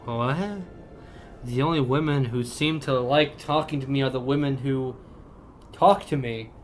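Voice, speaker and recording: A young man livestreaming a game, bantering loudly and profanely with his chat and joking around. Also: medium pitch, fairly even intonation, unhurried, soft background music. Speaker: streamer. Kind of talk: casual livestream chat while gaming.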